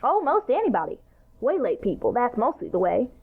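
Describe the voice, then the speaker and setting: A woman voicing an eager, bossy boy ringleader in a radio-style drama, talking in an excited, boastful way. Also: on the high side, fairly quick, breathy edge, exaggerated voice. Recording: tinny phone-like sound.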